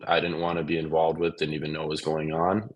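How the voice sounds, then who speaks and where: Very deep-voiced man, subdued and hesitant. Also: monotone, fast, lo-fi sound, slight background noise. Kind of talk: interview answer.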